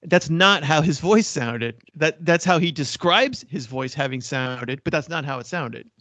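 A man's voice: fairly high pitch, animated, a little slow, fairly bright tone, dry recording, dull audio. A man co-hosting a casual podcast chat, explaining his points with frequent restarts. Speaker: podcast co-host.

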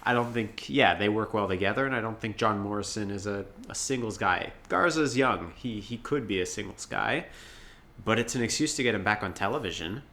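A man co-hosting a casual podcast, giving firm opinions in a deliberate way. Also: lowish voice, sharp tone. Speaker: podcast co-host. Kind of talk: casual wrestling podcast chat.

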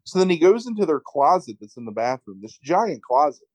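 Profane, animated man recapping a movie. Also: on the high side, fairly quick, no echo, low-quality recording. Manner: profane, animated retelling with acted quotes. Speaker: podcast co-host. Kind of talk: casual movie recap chat.

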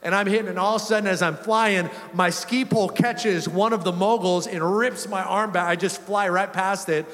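A male pastor preaching a sermon in a relaxed, conversational way, telling a story with frequent chuckles. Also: high-pitched, normal speed, hardly any pauses. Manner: conversational, animated, chuckling often. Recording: long reverb of a church hall.

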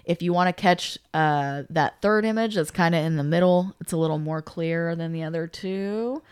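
Woman, low pitch, smooth voice, casual podcast chat, animated storyteller. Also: moderate pace, dry recording. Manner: animated storyteller, acts out quotes. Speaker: podcast co-host. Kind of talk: casual chat retelling a video.

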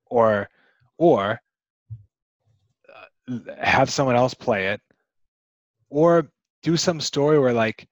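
A podcast co-host talks through a movie casually, rambling and chatting with many fillers. His mid-range voice is expressive and slow, with long pauses. The audio has no echo but the highs are cut off.

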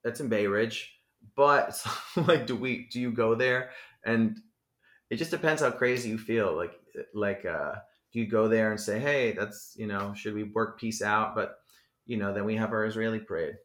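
A man from New Jersey rambles animatedly through an interview, swearing freely. His voice sits somewhat low. The room adds a roomy echo. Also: normal speed, fairly bright tone. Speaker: rapper, podcast guest. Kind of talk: casual interview chat. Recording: echoey room.

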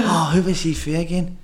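Scottish manager guy, laid back, jokey, echoey room. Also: on the high side. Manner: relaxed, joking, searching for names. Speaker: football manager guest. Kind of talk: casual football chat.

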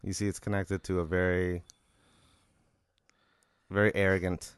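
Low-voiced man spinning a rambling tale. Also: flat delivery, unhurried, smooth, no room sound. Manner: rambling, leans on "like" while building the scene. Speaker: podcast co-host posing a hypothetical. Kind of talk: improvised comedic storytelling.

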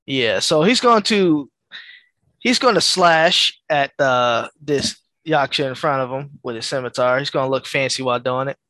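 Bright-voiced man playing a tabletop game. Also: medium pitch, no echo. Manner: halting, thinking out loud. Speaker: player. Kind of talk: casual tabletop play.

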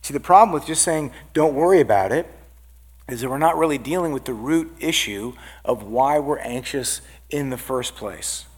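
A man's voice: medium pitch, normal speed, hardly any pauses. A middle-aged man preaching a sermon as a pastor, earnest and building up as he reads out scripture. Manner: earnest preaching, lively rises on quoted scripture.

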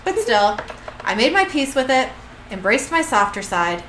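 A woman's voice: fairly high pitch, sing-song, normal speed, a bit bright, slight background noise. A woman reading the lines of a sardonic, mocking male demon king. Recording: echoey room with faint ambience.

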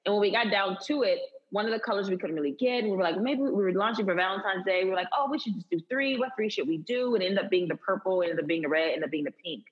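A woman guest telling a personal story in a casual interview, animated and laughing often, acting out the voices of the people in her story. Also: medium pitch, rapid-fire, hardly any pauses. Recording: dull lo-fi sound.

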